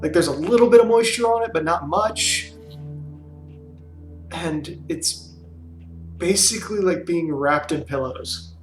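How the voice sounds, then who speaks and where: A man running a tabletop role-playing game as game master, narrating in a relaxed way with chuckles. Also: a little high, unhurried, pauses often, reverberant, soft background music.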